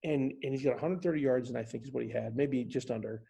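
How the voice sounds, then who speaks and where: A man guest on a casual podcast, telling a long animated golf story in a rambling way. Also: mid-range voice, fast, gravelly, breathy edge.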